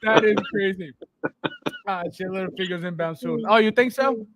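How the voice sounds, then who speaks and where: A man's voice: sits high, normal speed, fairly bright tone, a little hiss or hum. A man hosting a casual livestream, greeting viewers by name and laughing often. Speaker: podcast host.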